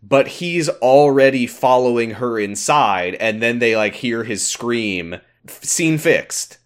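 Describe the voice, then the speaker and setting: A man's voice: medium pitch, animated, slow. An American man co-hosting a casual podcast chat, acting out scenes in put-on voices. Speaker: podcast co-host.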